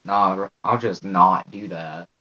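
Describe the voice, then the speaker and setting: A man with a husky, slightly rough voice at an ordinary pitch, chatting casually with friends on a podcast. He is laid-back and makes deadpan jokes. The sound is muffled and lo-fi. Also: a little slow. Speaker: podcast co-host. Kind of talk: casual chat. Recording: muffled lo-fi audio.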